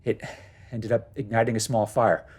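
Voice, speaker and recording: A man's voice: on the low side, flat delivery, normal speed, a little mellow, husky. A man narrating his own first-person horror story in a tense, dramatic way.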